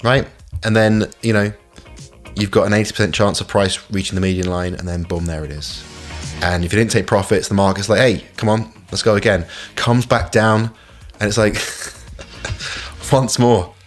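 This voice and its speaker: Excitable man walking through charts. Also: fairly low pitch, normal speed. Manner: excitable, repeats 'look', laughs often. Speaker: trading stream host. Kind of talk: live-streamed chart walkthrough. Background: faint backing music.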